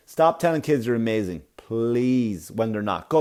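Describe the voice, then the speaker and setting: A man hosts a solo comedy podcast with a voice of ordinary middle pitch. He rants in exasperated bursts, swearing freely and slipping into mocking voices for the people he quotes. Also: moderate pace, darkish tone. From Ireland. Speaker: podcast host.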